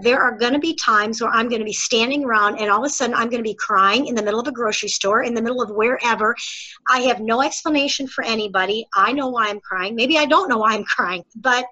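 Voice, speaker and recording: A woman's voice: on the high side, sharp tone, poor audio. A middle-aged woman hosting a podcast interview, talking in an earnest, emphatic and encouraging way. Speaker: podcast host. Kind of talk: conversational interview.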